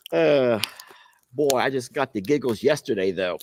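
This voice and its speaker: A chatty man talks straight to his viewers in a relaxed, homespun way. His pitch swings up and down freely as he goes, with a bouncy, expressive lilt. It sounds like casual vlog chat between friends. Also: a little slow, a little hiss or hum. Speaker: vlog host. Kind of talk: casual vlog chat while opening gifts.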